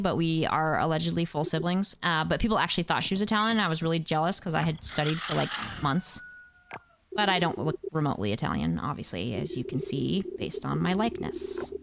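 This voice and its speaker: A woman in her thirties from the United States, chatting casually with her viewers while she plays a game, with animated exclamations. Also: on the low side, a little hiss or hum. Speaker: game streamer. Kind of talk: casual chat while gaming.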